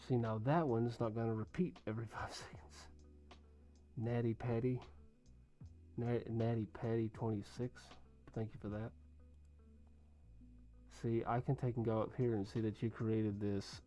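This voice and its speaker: A young man with a fairly low voice chats loosely with his stream viewers, rambling between thoughts. Faint music plays underneath. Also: steady tone, normal speed, warm tone. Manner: chatty, rambling, talks to chat and reads usernames. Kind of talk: casual livestream chat.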